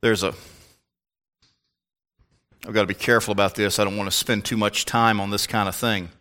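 A man's voice: lowish voice, little pitch movement, moderate pace, sharp tone. An older man, a pastor, preaching a sermon in an emphatic, folksy way with asides to the congregation.

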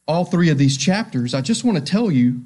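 Brief: male pastor, sermon delivery, somewhat high-pitched, emphatic, rises loud then drops to a hush. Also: lively intonation, moderate pace. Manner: emphatic, swings between loud and hushed; addresses listeners directly with questions. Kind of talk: sermon with scripture reading.

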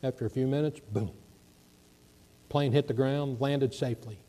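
A man preaching to a congregation at a middle pitch, telling a long story with lively energy. He acts out the voices of the people in the story as he goes. The delivery is that of a sermon, not a reading. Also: normal speed.

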